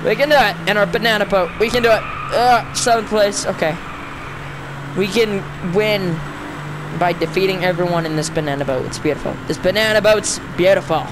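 A gaming channel host giving casual gameplay commentary, excitable and easily frustrated, with loud outbursts and low muttering between them. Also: moderate pace. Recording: racing game engine noise underneath. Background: car engine and race sounds from the game.

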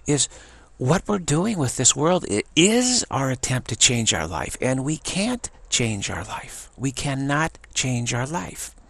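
A man's voice: mid-range voice, very animated, slow pace, hardly any pauses, a bit bright. An older man giving a spiritual talk, repeating himself and restarting phrases often. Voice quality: gravelly, husky. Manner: repetitive, stammering restarts. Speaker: spiritual teacher.

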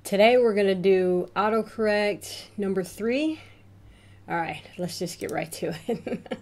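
A woman hosts her own reaction video, reading out text messages one after another. She takes her time over the words. Her delivery is amused and expressive, full of exclamations. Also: medium pitch, measured pace. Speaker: reaction channel host.

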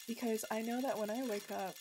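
A young woman streamer with a hoarse, sick voice, chatting casually and swearing as she plays. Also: a little high, steady tone, brisk, background noise. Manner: chatty, swears freely, thinks aloud. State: hoarse from sickness and morning voice. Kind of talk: casual gameplay commentary.

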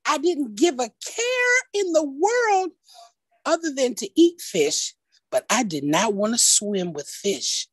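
A woman tells a personal story at a story slam over a video call, slow and expressive with a folksy touch. Her voice sits high and swings widely in pitch. The sound is dry and close. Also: dry recording.

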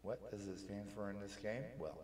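A man's voice: on the low side, moderate pace, darkish tone, reverberant, far from the mic, a little hiss or hum. A man reading game dialogue aloud, stopping for wry, musing asides. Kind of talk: casual play-through commentary.

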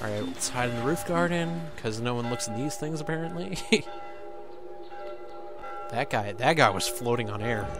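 A young man doing casual let's-play commentary, joking and swearing a lot, with animated outbursts. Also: medium pitch, moderate pace, pauses often. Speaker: gameplay commentator. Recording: faint game music behind.

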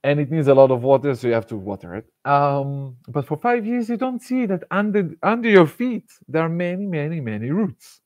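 A man, giving a casual, animated self-help talk and laughing often between thoughts. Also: on the high side, fairly quick, hardly any pauses, no room sound, studio quality. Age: 40s. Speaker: motivational speaker.

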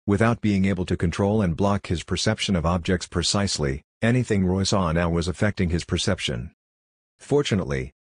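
A man narrating a fantasy audiobook in an even, steady reading voice. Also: low-pitched, dry recording, studio quality. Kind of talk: scripted narration.

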